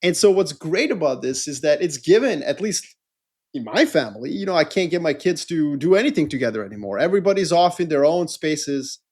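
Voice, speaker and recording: Animated man, jumping high in pitch. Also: a little fast. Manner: animated, rambling, jokey. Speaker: podcast co-host. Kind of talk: casual chat.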